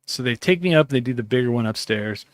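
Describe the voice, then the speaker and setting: A podcast host tells a long, meandering story with lots of swearing, voicing bits of dialogue himself as he goes. His voice is medium-pitched and expressive, the pace quick, with no room sound. It's a casual storytelling chat.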